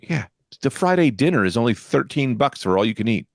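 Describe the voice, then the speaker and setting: Brief: young male podcast co-host, lively swooping delivery, dry close mic, storyteller who plays every part. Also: mid-range voice, a little fast, vocal fry, no room sound. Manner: animated storyteller, acts out quoted people. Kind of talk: casual chat.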